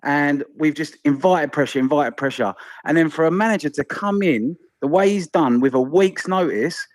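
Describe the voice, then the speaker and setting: A man calling in by phone, excited, quick and sweary about the match. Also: on the high side, dry recording. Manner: buzzing, rapid, sweary. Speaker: phone-in fan caller. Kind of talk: excited football chat. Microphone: phone call.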